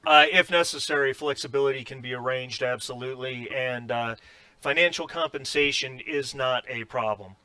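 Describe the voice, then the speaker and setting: A man voicing a polite, businesslike female space station officer over the comms, with halting fillers. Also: mid-range voice, sharp tone, no echo, close to an everyday voice. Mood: formal.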